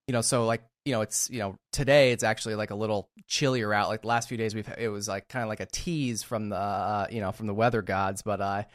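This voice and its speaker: A man's voice: lowish voice, steady tone, quick pace, few pauses. A man in a casual conversation, laid-back and loose, leaning on filler words and calling his guest "man". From northeastern United States.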